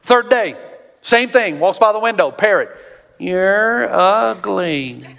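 Speaking at normal speed, a high-voiced man preaches as a pastor, animating his stories and leaping up in pitch for the voices of others. The audio has its highs cut off and a long reverb from a big church auditorium.

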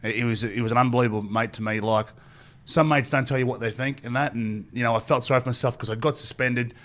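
A middle-aged former rugby player from Queensland, Australia, appears as an interview guest, rambling quickly through one long anecdote after another and acting out what other people said. His mid-range voice is a bit bright, with fairly even intonation.

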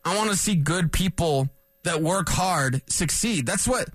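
A man in his forties hosting a sports radio show, rambling and animated, correcting himself as he goes. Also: high-pitched, a little slow, no room sound. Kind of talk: casual sports talk radio monologue. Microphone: studio microphone.

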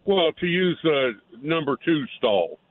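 A man calls into a radio show and asks his question slowly and deadpan. His pitch still rises and falls widely. The call comes through a thin, phone-like line. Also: no room sound. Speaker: caller.

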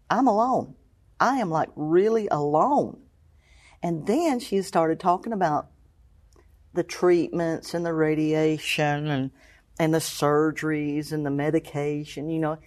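A middle-aged woman telling her story of faith as an interview guest, acting out what people said, moving between hushed and excited tones. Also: low-pitched, a little slow, pauses often. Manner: storytelling, acts out quoted voices, swings from hushed to exclaiming. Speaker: guest, cancer survivor. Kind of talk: emotional personal testimony.

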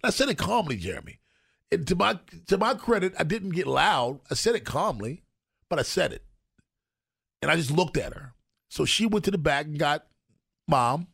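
Man, radio host, husky gravelly voice, lively pitch. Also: normal speed, long pauses, no echo, studio quality. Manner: storytelling with mock exasperation. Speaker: radio morning show host. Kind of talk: casual banter.

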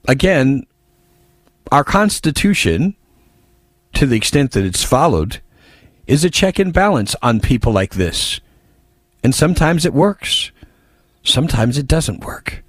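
A man's voice: fairly high pitch, big pitch swings, unhurried, pauses often, slightly rough, dry recording. A man hosting a political talk radio show, reading listener messages with wry asides.

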